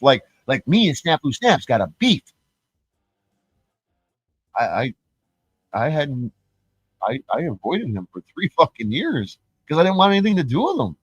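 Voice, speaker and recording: A man's voice: a little high, no echo, poor audio. A man streaming a profane, mocking rant, laughing between points and mimicking his critics in sing-song voices. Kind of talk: ranting livestream monologue.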